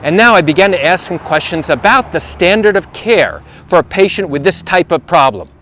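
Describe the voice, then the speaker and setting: A man's voice: sits high, big pitch swings, normal speed, fairly bright tone, slight background noise. Emphatic lawyer man telling a story. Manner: emphatic, repetitive phrasing, rising intensity when retelling. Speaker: personal injury lawyer. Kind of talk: storytelling vlog while walking. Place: outdoors walking through a neighborhood.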